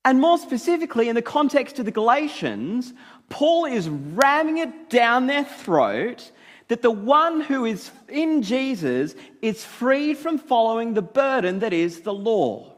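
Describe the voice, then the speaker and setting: A man's voice: very high-pitched, big pitch swings, unhurried. A man preaching a sermon, earnest and emphatic, in a church hall.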